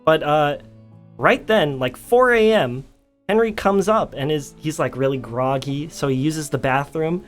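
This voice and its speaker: A man's voice: fairly high pitch, a little slow, soft background music. A streamer telling a story in casual chat, laughing often as he talks. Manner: giggly storytelling.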